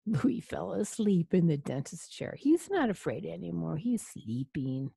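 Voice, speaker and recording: Slow warm woman reading to a child. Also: lowish voice, sing-song, vocal fry, slightly rough, no room sound, clean studio sound. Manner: gentle, explaining asides to a child. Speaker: storyteller. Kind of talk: reading a children's picture book aloud.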